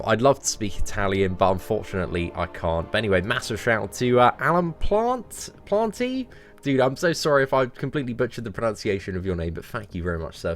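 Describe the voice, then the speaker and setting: A chatty young man, lower-pitched than most, riffs through a game live stream in loose, slang-heavy talk. He keeps addressing viewers as his mates while he plays, with faint music running underneath. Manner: animated and chatty, heavy slang, calls viewers mate and lads. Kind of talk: casual live-stream commentary.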